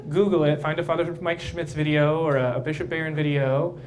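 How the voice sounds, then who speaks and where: Brief: male priest, casual live talk, playful and chatty, slightly high voice, faint room ambience. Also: level tone, fairly quick, a little hiss or hum. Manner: playful, conversational, keeps asking "right?". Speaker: priest speaking at a young adult event. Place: brewery, live audience.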